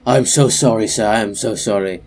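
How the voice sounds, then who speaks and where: A man's voice: on the low side, normal speed, a little mellow, a little hiss or hum, lightly acted. A man doing a fussy, officious lanky official. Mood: flustered. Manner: fussy, stammering apologies. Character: tall lanky nervous male bureaucrat in spectacles.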